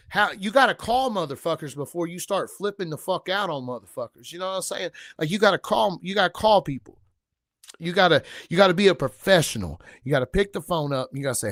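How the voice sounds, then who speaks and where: A man hosting a casual livestream, rambling loosely with slang and profanity, giving viewers shout-outs. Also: on the high side, dry recording, studio quality. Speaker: livestream host.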